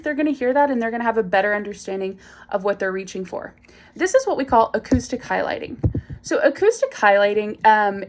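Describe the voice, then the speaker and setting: A woman explaining speech activities to parents, clear and encouraging, acting out the example phrases with strong emphasis. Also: a little high. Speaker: speech and language instructor. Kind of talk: instructional demonstration for parents.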